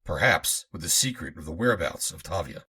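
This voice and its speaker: A man reading a first-person adventure audiobook aloud, in a dramatic, expressive manner. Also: low-pitched, a little fast, husky. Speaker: audiobook narrator.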